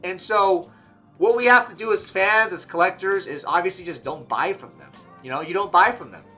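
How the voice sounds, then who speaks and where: Bright-voiced exasperated young man. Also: high-pitched, normal speed, faint music behind. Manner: blunt, exasperated, swears freely. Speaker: commentary streamer. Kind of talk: casual reaction commentary.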